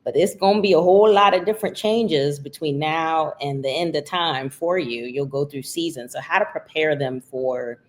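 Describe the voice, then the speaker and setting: A woman with a very deep speaking voice, answering questions as a guest author and minister. She thinks out loud, circling back with "you know" and "right" as she builds a point. Her talk is calm and conversational. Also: normal speed, hardly any pauses. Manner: thoughtful, talks through ideas with many fillers. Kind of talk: reflective conversational interview.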